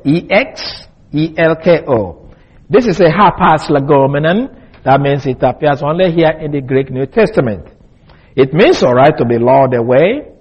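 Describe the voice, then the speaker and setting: A male Bible teacher giving a deliberate expository lesson and spelling out Greek words letter by letter. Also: on the high side, slightly rough, lo-fi sound.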